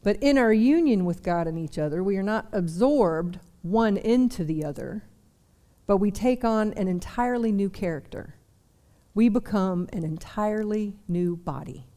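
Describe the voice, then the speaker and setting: A woman's voice: medium pitch, animated, moderate pace, mellow. A young woman preaching a sermon to a seated congregation, chatty with self-deprecating asides. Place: church service before a seated audience.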